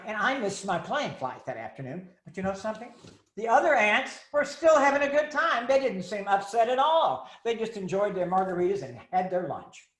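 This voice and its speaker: An older Texan man, a speaker and author on caregiving, tells humorous stories and acts out the voices of the people in them. He's animated, with a high-pitched voice and a roomy sound.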